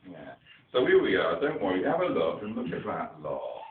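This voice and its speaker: A man's voice: low-pitched, wildly swooping pitch, normal speed, a little hiss or hum. A man with a rural English dialect, performing at a children's theatre show, telling stories and playfully quizzing the children. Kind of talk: storytelling to a young audience. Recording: distant echoey phone-like recording.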